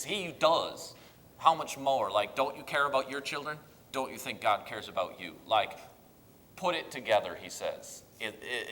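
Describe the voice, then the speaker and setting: A man preaching a sermon in an earnest, pleading way, with loud emphatic bursts. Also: medium pitch. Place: church sanctuary. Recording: long hall reverb.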